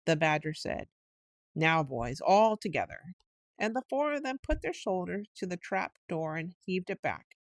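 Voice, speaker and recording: A woman giving a slow, unhurried bedtime reading of a storybook, now and then lifting into quick character voices. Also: on the low side, big pitch swings, dry recording. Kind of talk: slow sleep-story narration.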